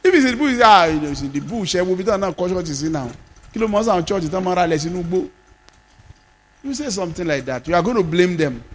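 A Nigerian man preaching as a pastor, moving between shouted declarations and quieter storytelling. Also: high-pitched, expressive, fast, in a large hall, a little hiss or hum. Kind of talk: sermon.

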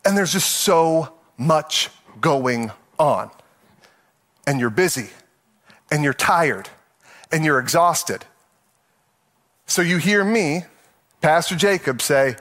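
Guy pastor preaching casual and jokey, kinda higher voice, does little voices for people. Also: expressive, takes it slowly, long pauses, fairly bright tone. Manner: conversational and playful, acting out everyday voices with laughs. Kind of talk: sermon.

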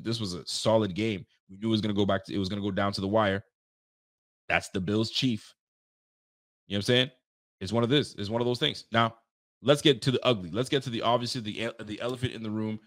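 A man with a fairly low voice hosts a casual sports podcast, offering fan commentary. He's animated, swears freely, speaks directly to listeners and breaks into loud outbursts.

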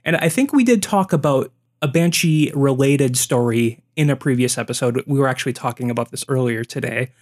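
Male podcast co-host, mid-range voice, relaxed storyteller walking through folk tales. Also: mid-range voice, fairly quick, few pauses. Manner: storytelling, explaining folklore from notes. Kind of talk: casual podcast chat.

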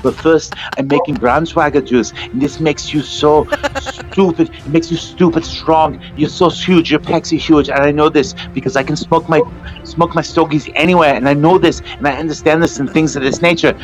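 A man's voice: a little high, fairly even intonation, normal speed, highs cut off, soft background music, pitched below the performer's own voice, lightly acted. A man voicing a dim, boastful male caller who brags about smoking stogies, rambling crudely in a prank call-in bit. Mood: blustering.

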